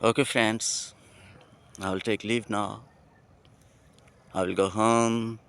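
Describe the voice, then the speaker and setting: A man with a Pakistani English accent speaking a heartfelt, poetic monologue outdoors at night, slowly and with pauses. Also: lowish voice, flat delivery, gravelly, a bit bright, clean tone. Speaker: vlogger.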